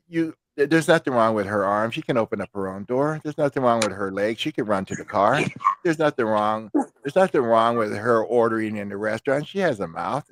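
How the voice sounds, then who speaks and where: A man with a lowish voice tells a rambling, crude family story on a podcast. He jokes and acts out the voices in it. The sound is close and dry. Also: no echo. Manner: crude, joking storyteller who acts out his mother's lines. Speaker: podcast host. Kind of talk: casual storytelling chat.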